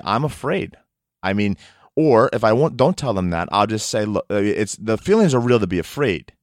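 A man preaching a sermon to men, earnest and exhorting, slowing down for emphatic phrases. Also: on the low side, dry recording, studio quality.

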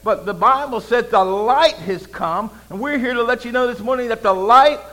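A man preaching a sermon, calling out to the congregation, swinging between loud proclaiming and low, conversational asides. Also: moderate pace, poor audio. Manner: preaching with call-and-response and frequent hallelujahs. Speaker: pastor.

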